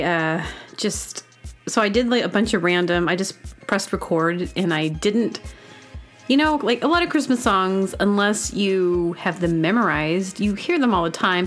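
A woman hosting a show, talking in a casual, meandering monologue full of fillers and silly asides. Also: fairly low pitch. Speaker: host.

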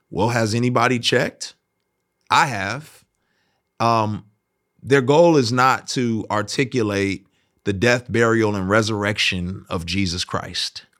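Animated man telling a church story. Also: medium pitch. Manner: animated storytelling, acts out voices of people in anecdotes. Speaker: host. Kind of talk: casual commentary monologue.

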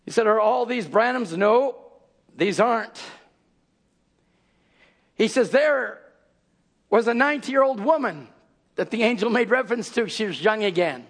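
A man delivers a fiery sermon in a high-pitched voice, often breaking into fervent shouts. His tone is husky and breathy, with a gravelly edge. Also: expressive, unhurried, pauses often. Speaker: preacher.

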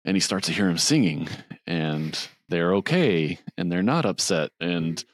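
Man, podcast co-host, very low voice, dry close sound, rambling casual retelling. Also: a little slow, dry recording. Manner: rambling, animated, quoting lines. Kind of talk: casual chat retelling a film plot.

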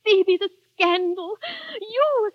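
A fluttery, fretful spinster aunt. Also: female voice, very high-pitched, slow pace, no echo. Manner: anxious, fluttery, hesitant. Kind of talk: 1930s radio drama acting. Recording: dull old radio recording.

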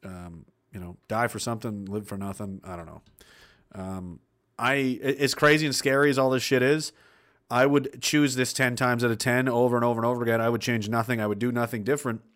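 Man, livestream host, reads chat aloud, ranting, loud then mumbling. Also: mid-range voice, fairly even intonation, fairly quick. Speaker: livestream host reading viewer chats.

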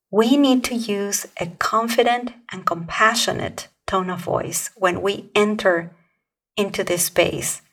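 A woman hosting a podcast, talking through communication advice in a calm, measured, explanatory way. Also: medium pitch, far from the mic. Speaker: podcast host. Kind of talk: scripted podcast talk on communication.

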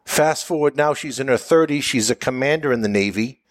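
A middle-aged man speaking at a middle pitch, unhurried and measured, sprinkling his stories with "uh". The sound is dry and close, with no room around it. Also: no room sound. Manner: measured, pausing often with "uh". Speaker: veteran guest and interviewer of veterans. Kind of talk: relaxed interview answers, storytelling.

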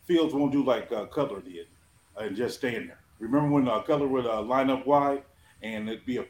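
A man guesting on a sports podcast, talking in an animated, slangy, casual way, recorded in a roomy space with faint background noise. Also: medium pitch, moderate pace.

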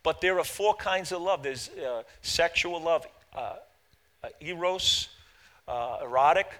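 A middle-aged man preaches a sermon in a high, bright voice. He talks in halting stretches full of fillers and repeated words, then builds to loud, fervent declaration. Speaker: pastor.

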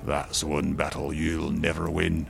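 A man voicing an old male dwarf lawkeeper with a deep voice, steady and commanding. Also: unhurried, vocal fry, crowd noise, full character voice. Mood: grave.

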